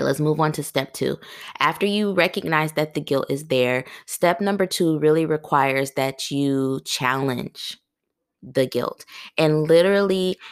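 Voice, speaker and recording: A low-voiced woman talks straight to her listeners on a solo podcast. There is a gravelly fry in her voice. She coaches in an earnest way and breaks into laughs at her own asides. The room sounds dry and close. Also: no echo. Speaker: podcast host. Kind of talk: solo motivational podcast talk.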